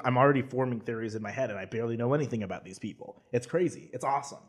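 Excitable young man chatting movies. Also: mid-range voice, very fast. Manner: excitable, rambling, laughs often. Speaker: podcast co-host. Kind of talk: casual chat about movies.

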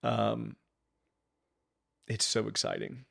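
A man's voice: lowish voice, level tone, takes it slowly, vocal fry, fairly bright tone. A man co-hosting a faith podcast, talking with fervent, rising emphasis. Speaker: podcast co-host.

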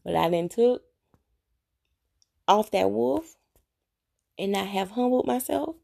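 A woman's voice: mid-range voice, expressive, slow pace, creaky, dark tone. A woman speaking earnestly and preachily, straight to her viewers in a confessional devotional talk about her faith. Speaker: Christian vlogger sharing her faith journey.

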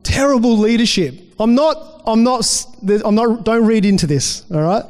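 A man with a high voice preaches to his congregation, chatty and loose, restarting phrases as he talks them through. His voice rings out with a long hall reverb behind it. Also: animated, moderate pace, a little mellow. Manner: conversational preaching with restarts and acted-out quotes. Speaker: pastor. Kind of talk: sermon.

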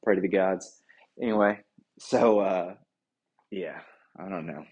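Man, 30s, husky low voice, loose rambling solo chat, swears freely. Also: a little slow, a little mellow. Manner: rambling, laid-back, swears and says "dude" often.

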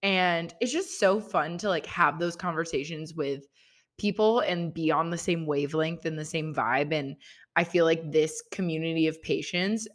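Chatty young woman podcasting solo, lowish voice. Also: moderate pace. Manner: rambling, chatty, full of "like" fillers. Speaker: podcast host. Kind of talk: casual solo podcast chat.

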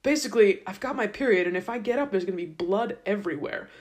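A woman's voice: medium pitch, lively intonation, fast, close to an everyday voice. A woman voicing a sly young woman who apologizes falsely while hiding something.

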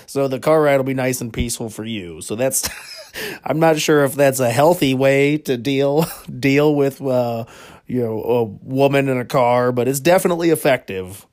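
A man's voice: medium pitch, a little mellow. A man hosting a comedy podcast, telling rambling stories with frequent chuckles. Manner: rambling, chuckles often, lots of fillers. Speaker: podcast host. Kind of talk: comedic storytelling monologue.

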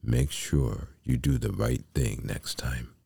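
A man voicing a calm, wise female fairy who speaks sternly and in a measured way. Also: a bass voice, gravelly, breathy edge, no echo, studio quality, exaggerated voice.

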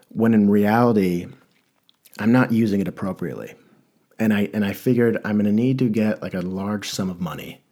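A young man with a fairly low voice tells a comic story. He rambles in a deadpan way and trips over his words with lots of restarts. The telling is loose and unhurried.

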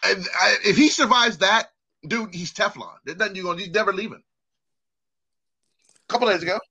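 A man's voice: high voice, fairly quick, bright, forceful tone, breathy edge, muffled recording. A man co-hosting a casual chat, ranting in a profane way and often restarting his sentences.

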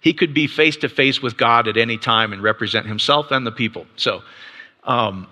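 Speaking fairly quickly in a pushed, bright mid-range voice, a Bible teacher walks a live group through slides in a casual way. Rhetorical "right?" check-ins punctuate his points, and he frequently restarts sentences or repeats words, all echoing with the long reverb of a large hall.

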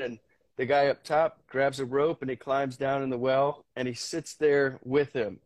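A man's voice: medium pitch, little pitch movement, normal speed, no room sound. A man as a podcast guest, talking candidly with frequent restarts, casual swearing and earnest storytelling. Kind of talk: candid conversation.

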